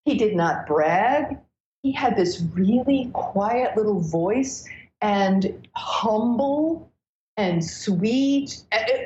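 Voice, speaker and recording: An animated woman astrologer talks as a podcast guest, piling one thought on another with many restarts. Her voice sits in a roomy space, and the recording sounds dull and lo-fi. A faint noise hums underneath. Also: mid-range voice. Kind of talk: casual podcast interview.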